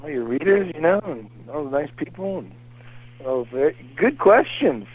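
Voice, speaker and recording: A man's voice: fairly high pitch, moderate pace, phone-quality sound, a little hiss or hum. A middle-aged man telling anecdotes in a casual, rambling way as an interview guest. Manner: animated, rambling anecdotes with lots of fillers.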